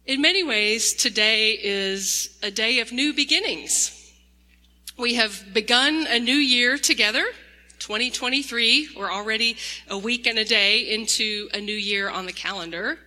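A woman pastor telling a gentle children's story and leading a prayer in a large church sanctuary. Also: a little high, unhurried. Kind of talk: children's sermon. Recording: echoey church hall.

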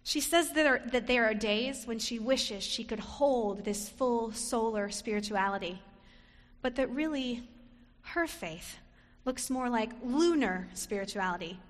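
A woman preacher giving a reflective sermon, sometimes acting out short quoted lines. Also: fairly high pitch. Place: church sanctuary. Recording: long reverb of a sanctuary.

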